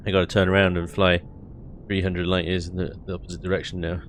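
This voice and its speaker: A man's voice: low voice, monotone, fast talker, a little hiss or hum. A man chatting casually while playing a space game, rambling and laughing often. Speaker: game streamer. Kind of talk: casual gameplay commentary.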